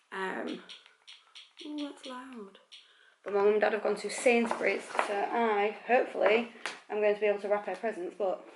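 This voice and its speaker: A woman's voice: mid-range voice, background noise. A young woman chatting casually to her camera at home, giggly and self-deprecating. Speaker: vlogger. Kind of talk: casual vlog chat to camera. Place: at home indoors.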